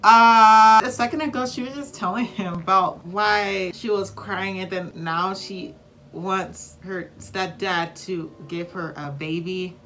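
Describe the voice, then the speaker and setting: Woman reacting in disbelief, swears a lot, bright voice, drawls slow. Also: medium pitch, steady tone, slight background noise. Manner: incredulous, swearing exclamations. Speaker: reaction video host. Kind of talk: casual reaction commentary.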